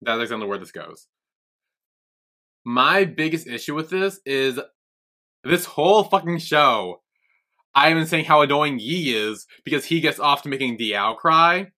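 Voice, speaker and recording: A man's voice: a little high, expressive, measured pace, pauses often, pushed and bright. A young man co-hosting a podcast in casual chat, laid-back, swearing casually as he retells scenes. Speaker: podcast co-host.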